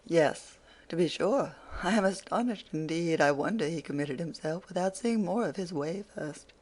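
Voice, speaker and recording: An audiobook reader playing a gentle, meek little father who answers mildly and soothingly. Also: medium pitch, moderate pace, slightly rough, lightly acted. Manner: mild, soothing and agreeable.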